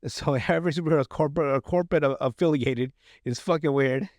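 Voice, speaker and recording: A man with a voice on the high side, a little mellow, talks fast as he hosts a podcast recapping a TV episode. He rambles casually, restarting often and filling gaps, with frequent laughter. Studio quality, no room sound.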